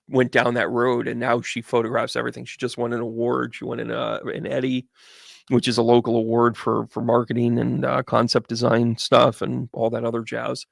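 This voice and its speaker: A man hosts a livestream as a medium, telling long, rambling stories with lots of animated asides and restarts. His middle-pitched voice has a gravelly edge. It is recorded dry and close, with no room sound. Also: no echo. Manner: rambling, animated, chatty storytelling. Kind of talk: casual livestream chat.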